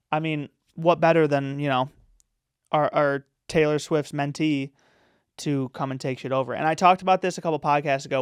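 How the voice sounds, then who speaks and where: A man hosts a podcast, chatting in a loose, rambling way and packing his strong opinions with fillers. His voice sits a little high and sounds smooth and clear. The recording is dry and close. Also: dry recording. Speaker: podcast host. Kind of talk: casual chat.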